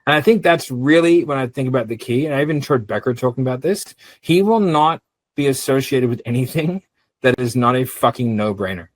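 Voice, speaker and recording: A middle-aged man, a business owner, chatting casually on a podcast in a blunt, profane, animated storytelling way. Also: medium pitch, fairly quick, no echo, poor audio.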